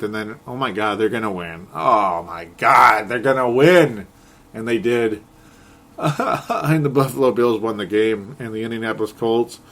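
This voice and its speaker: A man hosting a sports podcast, recapping games in a casual, sarcastic and animated way. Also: medium pitch. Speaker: podcast host.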